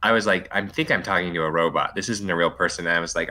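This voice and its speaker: A man's voice: low-pitched, racing, hardly any pauses, slight background noise. A man in a casual group call, telling an anecdote and acting out the quoted lines. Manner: animated storyteller, acts out quoted lines. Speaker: webcomic creator.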